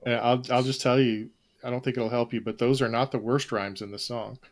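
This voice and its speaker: Male quizmaster, deadpan question reader, middle pitch. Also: brisk. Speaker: quizmaster host. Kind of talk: reading trivia questions, casual chat.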